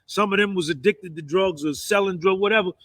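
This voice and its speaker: A man's voice: high-pitched, brisk, fairly bright tone, no echo. A man in his fifties with a New Jersey accent, delivering a boastful, rambling monologue full of "man" and "you understand". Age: 50s.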